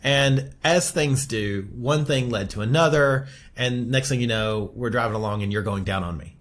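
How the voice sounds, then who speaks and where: A man's voice: mid-range voice, normal speed, fairly bright tone. A man co-hosting a podcast, telling a story in casual chat and laughing often. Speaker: podcast co-host.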